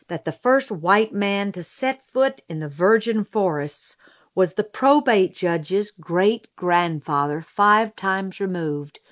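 Audiobook narrator: woman, mid-pitched, slow and steady delivery. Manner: unhurried, measured reading. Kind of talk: scripted storybook narration.

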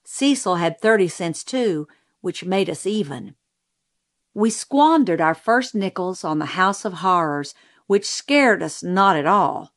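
A woman reading a first-person novel aloud in a measured storytelling manner. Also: fairly low pitch, lively intonation. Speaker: audiobook narrator. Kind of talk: scripted first-person narration.

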